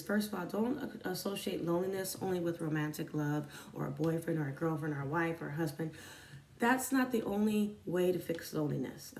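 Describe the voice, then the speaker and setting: A woman speaks earnestly and confessionally to her viewers, with a gravelly edge to her voice. She sits a little back from the mic in an echoey room. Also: fairly low pitch, a little mellow, distant mic. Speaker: sobriety vlogger. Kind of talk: candid personal talk to camera.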